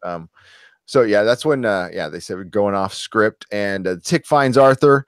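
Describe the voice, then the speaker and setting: A man co-hosting a casual review chat, retelling scenes in an animated way and dropping in quick impressions. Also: lowish voice, smooth, no echo, clean studio sound. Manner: animated retelling, acts out lines with quick impressions, frequent laughs and fillers. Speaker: podcast co-host.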